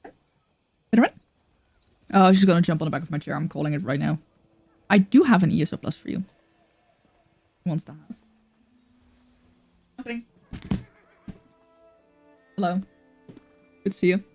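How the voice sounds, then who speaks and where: A woman's voice: lowish voice, normal speed, pauses often, darkish tone, slightly rough, no echo, soft background music. A woman streaming a game, chatting casually with viewers by name and cooing at her cat from her computer chair. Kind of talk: casual live-stream chat.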